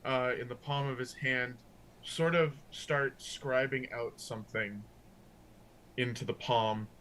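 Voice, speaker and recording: A man chatting through a tabletop game session, loose and informal, cursing casually as he plans his moves. His voice is bright and forward, and a faint noise sits under the recording. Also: mid-range voice, fairly even intonation, slow pace. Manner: chatty, swears casually, restarts often. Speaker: player.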